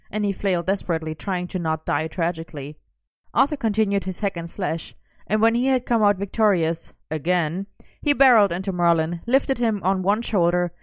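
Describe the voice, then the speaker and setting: A woman reading a story aloud in a lively storytelling manner. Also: mid-range voice, no room sound. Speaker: reader.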